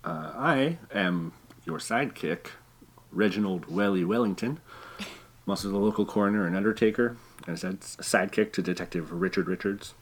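A man's voice: fairly low pitch, normal speed. A man voicing an earnest orphan coroner who is a detective's deferential sidekick.

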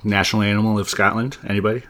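A man hosting a comedy podcast with playful, jokey deadpan banter. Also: lowish voice, rapid-fire. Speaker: podcast host.

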